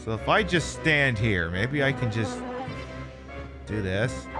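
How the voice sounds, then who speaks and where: A man's voice: medium pitch, expressive, slow. A man giving sarcastic, profane commentary as he plays a video game, talking straight at the enemies and weapons on screen. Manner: sarcastic, swears freely, talks to enemies and items. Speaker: streamer playing a video game. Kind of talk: let's-play gameplay commentary. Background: game music.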